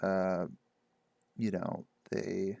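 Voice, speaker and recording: A man with a low, gravelly voice recaps a tabletop session he ran as game master. He rambles loosely, with plenty of "like" and "uh." The sound is close and dry. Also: little pitch movement, very slow, a little mellow, no room sound. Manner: meandering, loose, lots of "like" and "uh". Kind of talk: casual rambling monologue.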